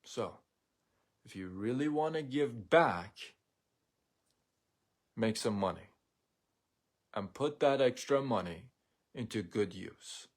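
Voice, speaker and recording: A man's voice: on the low side, animated, slow pace, pauses often. A man hosting a live show, talking in a blunt, sarcastic, opinionated monologue. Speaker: host of a daily live show. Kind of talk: casual monologue rant.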